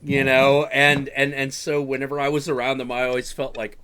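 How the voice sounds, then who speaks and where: A man hosting a live stream, telling animated casual stories with frequent swearing and stammered restarts. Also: medium pitch, a little fast, hardly any pauses. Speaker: show host.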